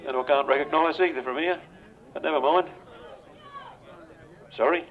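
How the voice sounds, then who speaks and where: An older English man announcing riders and calling a grasstrack race over a loudspeaker at an outdoor track, chatty and joking with the riders. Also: on the high side, normal speed, long pauses. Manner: chatty, jokey, banters with riders. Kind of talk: live grasstrack commentary over a PA. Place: outdoor racetrack. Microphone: public address microphone. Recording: dull lo-fi outdoor recording.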